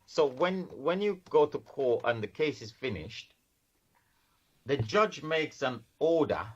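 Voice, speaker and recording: A medium-pitched man with a breathy edge takes his time, speaking expressively as a podcast guest from the financial services world. In this casual interview chat he explains earnestly and often restarts his sentences, and the audio is dull and lo-fi.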